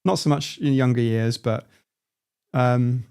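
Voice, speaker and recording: Creaky-voiced man chatting on a live stream. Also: medium pitch, steady tone, darkish tone. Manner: halting, frequent restarts and self-interruptions. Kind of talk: casual live stream chat reading viewer comments.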